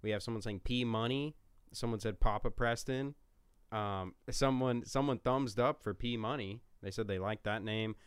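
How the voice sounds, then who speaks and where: A man's voice: medium pitch, moderate pace, clear, resonant tone, no room sound. A man acting as the producer of a casual podcast, reading listener chat suggestions aloud with playful mock authority. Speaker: show producer.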